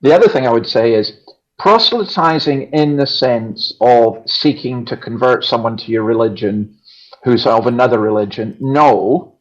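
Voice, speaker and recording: A man with a Scottish accent, a pastor talking earnestly and emphatically in a conversational religious discussion, often restarting his sentences. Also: medium pitch. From Scotland. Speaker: pastor and show regular. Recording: dull lo-fi sound.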